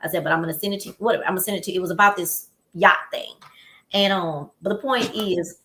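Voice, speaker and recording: Woman w/ chatting, bright voice, animated storyteller, echoey room. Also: fairly low pitch, fast talker, slight background noise. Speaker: podcast co-host. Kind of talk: casual chat.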